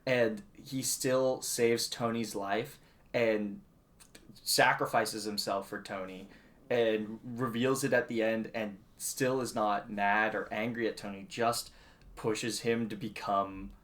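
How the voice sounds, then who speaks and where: A man's voice: lowish voice, fairly even intonation, takes it slowly, a bit bright. A man co-hosting a casual movie review podcast, talking animatedly with lots of restarts and frequent laughter. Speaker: podcast co-host.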